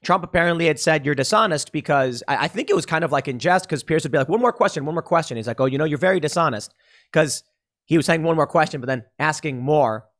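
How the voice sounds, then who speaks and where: A man's voice: a little high, fast, fairly bright tone. A man hosting solo political commentary, talking in a sarcastic, emphatic way and mocking the people he quotes.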